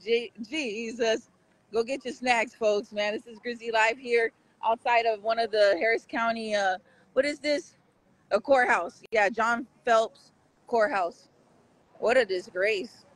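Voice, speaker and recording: High-voiced man livestreaming from the street. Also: unhurried, fairly bright tone, poor audio. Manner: loose, rambling, talks straight to viewers. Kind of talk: casual live street commentary. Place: outdoors outside a courthouse.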